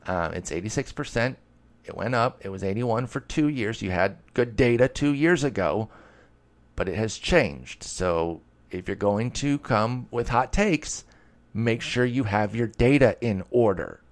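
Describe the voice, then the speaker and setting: A man talks through listener questions on his own podcast. His voice sits fairly low, and he rambles loosely, often poking fun at himself and working up a mock-angry tone. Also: creaky. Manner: rambling, self-deprecating, mock-heated sarcasm. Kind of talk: casual solo podcast talk.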